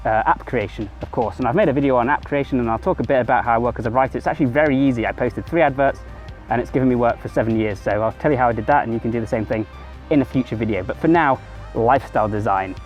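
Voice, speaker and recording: Fast-talking man vlogging. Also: medium pitch, soft background music. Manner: rambling, conversational, corrects himself mid-sentence. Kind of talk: casual self-help monologue to camera.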